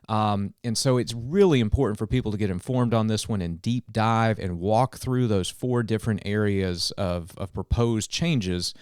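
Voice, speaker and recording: A man, a governmental affairs director explaining policy in an earnest, animated podcast chat. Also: lowish voice, smooth, dry recording, clean studio sound. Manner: earnest, detailed and animated, with quick restarts.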